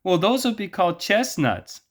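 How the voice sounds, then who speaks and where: A man voicing the woman in a crude joke, in a high put-on falsetto. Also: very animated, normal speed. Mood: innocent.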